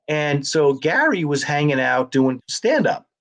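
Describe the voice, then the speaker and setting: A man's voice: fairly high pitch, very animated, measured pace. A middle-aged man, a comedian and actor, telling anecdotes in a casual interview and acting out the voices of others.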